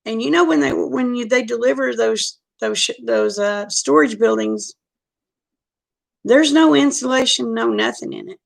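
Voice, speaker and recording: A middle-aged woman spins a long personal story, chatty and frank. Her voice sits a bit high and has a gravelly edge to it. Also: moderate pace. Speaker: vlogger. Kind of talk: casual storytelling.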